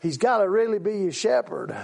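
A man's voice: sits high, very animated, moderate pace, creaky, a little mellow. A man preaching a sermon, drawing out his phrases and punctuating them with frequent amens.

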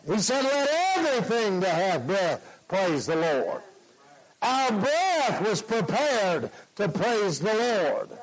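A man preaching a sermon, slow and emphatic, repeating his points. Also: high voice, rough recording.

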